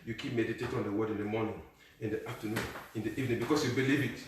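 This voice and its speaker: A male pastor preaching a sermon, moving between low, quiet passages and shouted high calls, often asking the congregation if they are hearing him. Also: fairly even intonation, very fast, noisy background. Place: church. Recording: echoey room, mic far off.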